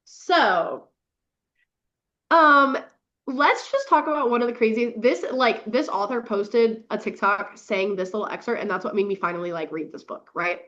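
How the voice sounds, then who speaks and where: A young woman hosts a casual book podcast, gushing over plot twists, swearing freely and breaking into quick laughs. Her voice sits a little high. The recording sounds dull and lo-fi. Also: a bit bright. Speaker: podcast host. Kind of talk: casual book review chat.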